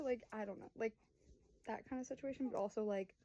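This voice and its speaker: A woman's voice: fairly high pitch, fast talker, mellow, poor audio. A woman in her early twenties telling a family story to camera in a rambling, chatty way, full of fillers and acted-out quotes. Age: 20s. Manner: acts out voices of family in quotes. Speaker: vlogger and young mother.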